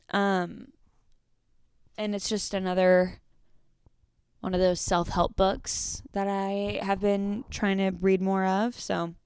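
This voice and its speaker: A woman's voice: mid-range voice, clean tone, no room sound, clean studio sound. A young woman hosting a solo podcast, chatting casually with lots of fillers and swearing freely. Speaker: podcast host.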